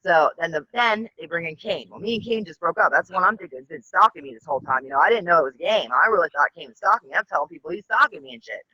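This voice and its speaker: Fast-talking woman with a bright voice. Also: on the low side, expressive, dry recording. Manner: fast, halting, with many restarts and fillers. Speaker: guest. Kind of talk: rambling personal storytelling. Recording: dull, dry lo-fi audio.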